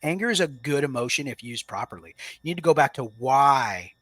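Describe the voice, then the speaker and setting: A man's voice: mid-range voice, expressive, brisk, a bit bright, no room sound. A man in his thirties, a Marine veteran guest, telling his story in a casual interview, earnest and reflective, turning to address listeners directly. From Washington state, US.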